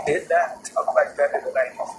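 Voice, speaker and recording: Chatty man recording from a car. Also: sits high. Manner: chatty, laughs often, many restarts. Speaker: podcast host. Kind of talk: rambling casual monologue. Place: moving vehicle. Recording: road noise in a car. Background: road noise.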